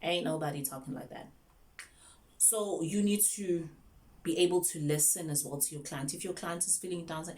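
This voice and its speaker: A woman's voice: fairly low pitch, fairly even intonation, moderate pace, a little mellow. A young South African woman, an online English teacher, chatting casually through tips and mixing English with Zulu.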